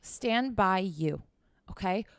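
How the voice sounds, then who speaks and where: A woman's voice: medium pitch, expressive, takes it slowly, no room sound, studio quality. A woman hosting a podcast, giving casual dating advice in a blunt, profane, emphatic way and talking straight to the listener. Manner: direct, talks straight to the listener with repeated "okay?". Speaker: podcast host.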